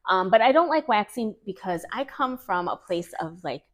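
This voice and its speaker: A woman who works as an esthetician and nail tech, chatting as a podcast guest and telling lively stories. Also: medium pitch, moderate pace. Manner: chatty, enthusiastic storyteller, many "like" and "you know". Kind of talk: casual podcast interview.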